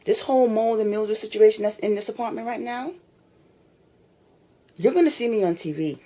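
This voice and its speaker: A woman's voice: mid-range voice, brisk, mellow. A woman ranting to a phone camera in her apartment, angry, repetitive and swearing. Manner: fed up, repetitive, confrontational, swearing. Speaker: tenant filming a complaint video. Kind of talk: angry direct-to-camera rant. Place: apartment, indoors.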